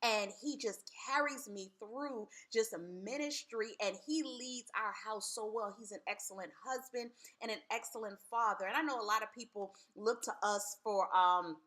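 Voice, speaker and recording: Bright-voiced woman vlogging candidly. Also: on the high side, moderate pace, few pauses. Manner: earnest and candid, sprinkled with "like". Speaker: Christian vlogger giving marriage advice. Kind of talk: casual faith talk to camera.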